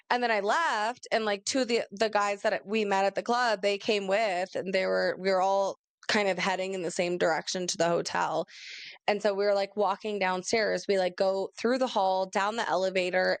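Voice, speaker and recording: A woman's voice: medium pitch, clear, resonant tone, no room sound. Rambling young woman telling a story. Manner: rambling, animated storyteller, peppered with "like". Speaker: podcast co-host. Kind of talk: casual chat.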